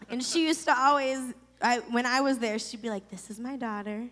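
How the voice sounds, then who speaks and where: Woman in her thirties from Florida, emotional and halting personal testimony, reverberant space. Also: on the high side. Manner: emotional, halting, many restarts. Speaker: storyteller sharing a personal testimony. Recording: long reverb.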